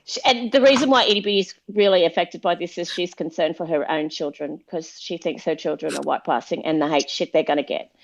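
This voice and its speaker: A woman speaking in a lively, joking, chatty way on a phone livestream. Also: fairly low pitch, a little fast, creaky, few pauses, lo-fi sound. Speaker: livestream guest. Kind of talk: casual livestream banter.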